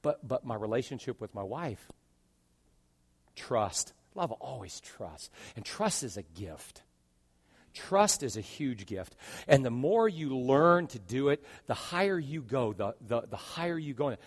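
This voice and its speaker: A man in his fifties preaches from the pulpit, dropping to near-whispers and then climbing high and loud for emphasis. His voice sits at an ordinary middle pitch. The sound rings with the long reverb of a large church sanctuary. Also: sing-song, a little slow. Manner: dynamic preaching that swings from hushed to loud. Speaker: pastor. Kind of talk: sermon.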